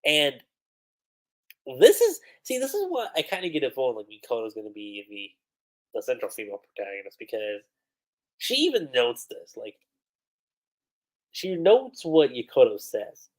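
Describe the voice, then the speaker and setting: A man chatting on a livestream with a lively voice that swoops up and down. He takes his time, speaking at an unhurried pace. He is excitable and peppers his talk with "like.". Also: medium pitch. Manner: excitable, animated, full of "like" fillers, breaks into laughter. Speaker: manga reviewer on a livestream. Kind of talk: casual livestream commentary.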